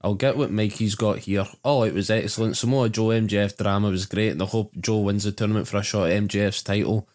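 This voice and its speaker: A Scottish man with a slightly low voice, co-hosting a podcast. He runs through the recaps in loose, sweary banter. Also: steady tone, fast, hardly any pauses, a little mellow. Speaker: podcast co-host. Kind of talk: casual chat.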